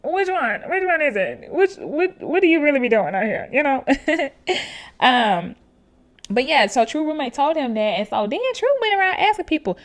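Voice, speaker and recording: A woman's voice: high-pitched, sing-song, moderate pace. A woman hosting a podcast, chatting casually and animatedly with slang and frequent laughs. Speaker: podcast host recapping a reality show. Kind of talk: casual chat.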